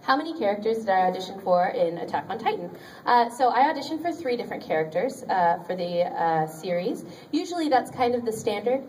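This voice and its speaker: A woman's voice: medium pitch, big pitch swings, fairly quick, a little mellow, a little hiss or hum. Chatty woman on a convention panel, distant. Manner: chatty and upbeat, frequent ums and laughs. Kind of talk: convention panel talk giving career advice. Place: convention panel room with an audience. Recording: distant audience recording in a convention room.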